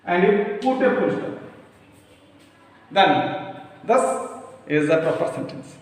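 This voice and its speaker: A man's voice: high voice, expressive. A man with an Indian English accent teaching a grammar lesson, stressing words one at a time. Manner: slow, emphatic, spells out words one at a time. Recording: echoey room, voice far from the mic.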